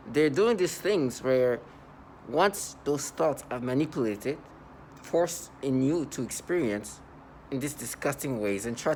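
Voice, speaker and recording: Speaking unscripted to the camera, a vlogger rambles and repeats himself, full of ums and restarts as he circles back on his points. His mid-range voice has a darkish tone and sounds earnest and agitated, with a faint hum of noise behind him.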